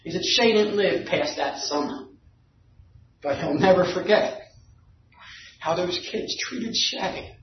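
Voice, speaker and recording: A man telling an animated story to a recovery meeting group, building to shouts at the big moments. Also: sits high, slow, long pauses, slight background noise. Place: meeting room. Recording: echoey room, distant dull mic.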